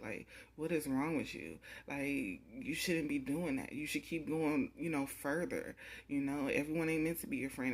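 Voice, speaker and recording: A young woman doing a casual pick-a-card tarot reading, talking bluntly and with a lot of cursing straight to the viewer. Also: low-pitched. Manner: blunt, profane, repetitive, talks straight to the viewer.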